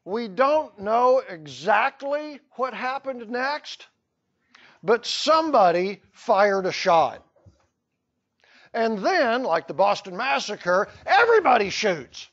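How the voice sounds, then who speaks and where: Slow, animated male history teacher. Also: very high-pitched, lo-fi sound. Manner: storytelling with playful asides. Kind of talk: classroom lecture.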